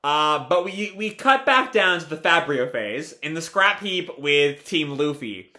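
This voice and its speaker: Lively man recapping a comic. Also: a little high, a little slow. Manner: casual, lots of fillers and restarts, animated. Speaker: video creator. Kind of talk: live reaction to a comic chapter.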